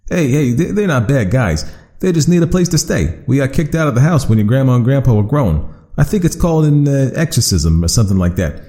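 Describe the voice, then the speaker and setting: A man's voice: medium pitch, expressive, a little fast, dark tone, pitched above the performer's own voice, natural voice. A man voicing a chatty, friendly male creature from a storybook, talking casually with many fillers. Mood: reassuring.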